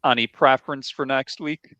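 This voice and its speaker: A man's voice: mid-range voice, fairly even intonation, moderate pace, sharp tone, dry recording. A man co-hosting a casual podcast, dropping short dry quips and wrapping up the show. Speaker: podcast co-host. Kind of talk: casual chat. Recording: dry, slightly muffled mic.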